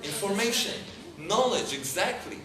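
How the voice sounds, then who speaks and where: A man's voice: sits high, lively intonation, normal speed, crowd noise. A man, a rabbi telling a story to a live audience, often searching for English words. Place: lecture hall with audience. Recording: roomy hall, far mic, background noise.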